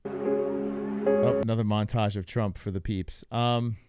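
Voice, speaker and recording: Young guy on a live stream, joking around and talking to chat, smooth voice, dry close sound. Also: on the low side, steady tone, takes it slowly, warm tone, dry recording, faint music behind. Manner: loose, joking, talks to chat. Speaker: livestream host. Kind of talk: casual live reaction commentary.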